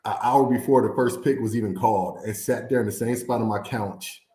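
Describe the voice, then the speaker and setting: Lively storyteller man, echoey room. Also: on the low side, a little fast. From Fort Wayne, Indiana. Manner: animated storyteller, acts out quotes, laughs often. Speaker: former NFL player, guest. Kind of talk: storytelling interview.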